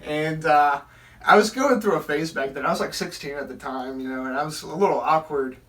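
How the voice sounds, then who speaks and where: A man's voice: fairly high pitch, fairly quick, fairly bright tone, far from the mic. A young man from Southern Virginia telling a rambling personal story, with many fillers and restarts. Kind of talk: casual storytelling.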